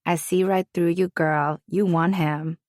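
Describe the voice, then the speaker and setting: A woman's voice: fairly low pitch, fairly even intonation, measured pace, a little mellow, dry recording, studio quality, natural voice. A woman voicing a cheeky, teasing female coworker in an audiobook.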